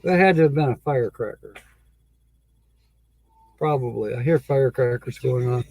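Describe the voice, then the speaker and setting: A man's voice: medium pitch, normal speed, creaky, darkish tone, rough recording. A man hosting a casual livestream, chatting easygoingly with viewers and rambling with frequent chuckles. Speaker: livestream host. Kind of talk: casual livestream chat reading viewer comments.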